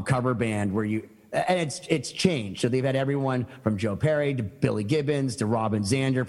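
Appearing as a podcast guest, a man tells stories in an eager, rambling way, full of fillers and restarts, during casual chat. His medium-pitched voice is a little mellow and echoes as if in a large hall.

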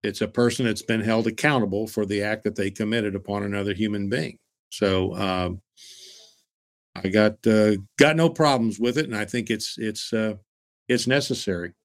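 A male podcast co-host and former prosecutor in casual chat, firm and blunt in his opinions. His voice sits fairly low. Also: steady tone, moderate pace.

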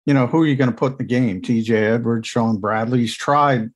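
A man analyzing his team's games in a casual podcast chat, explaining things in quick, talkative runs with asides. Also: medium pitch. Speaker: team insider analyst.

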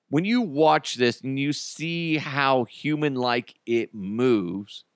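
A man's voice: mid-range voice, fairly bright tone, smooth, no room sound. Joking male podcast host, dry sound. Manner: jokey, laughs often, restarts. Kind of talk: casual comedic monologue.

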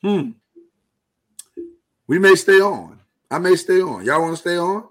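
A man hosting a live talk show, speaking earnestly and haltingly while he holds back emotion. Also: sits high, lively intonation, fairly bright tone. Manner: earnest, halting, with many restarts. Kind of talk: casual live-stream talk.

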